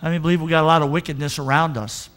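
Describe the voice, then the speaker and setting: Older preacher, emphatic swings. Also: male voice, on the high side, fairly even intonation, very fast, fairly bright tone, soft background music. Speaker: pastor. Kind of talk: sermon.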